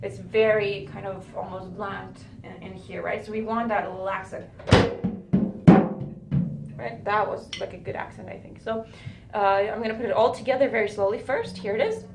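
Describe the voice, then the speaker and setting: A woman's voice: mid-range voice, normal speed, vocal fry, over loud music. A woman teaching drum fills in a video lesson, explaining step by step and often checking in with "right?". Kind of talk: video lesson, counting rhythms aloud. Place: music school room with drums. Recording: echoey room with loud drumming.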